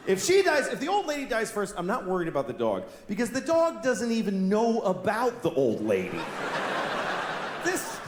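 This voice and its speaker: A man performing a stand-up comedy set, delivering blunt, profane deadpan observations. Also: high-pitched, normal speed. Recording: echoey live room with audience noise. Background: audience laughter.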